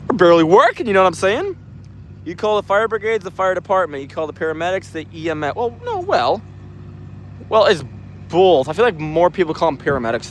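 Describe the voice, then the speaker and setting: A young man casually chatting on a livestream at night outdoors, reading viewer comments in a relaxed, slangy way. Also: a little high, slight background noise. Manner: laid-back, slangy, reads comments aloud. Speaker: livestream host reading chat. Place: outdoors at night on a work site.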